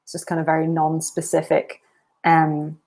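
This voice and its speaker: Soft-spoken Aberdeen Scottish woman. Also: sits low, completely flat delivery, normal speed. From northern Scotland. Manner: rambling, chatty, lots of ums, casual swearing. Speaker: streamer. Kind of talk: relaxed live-stream chat.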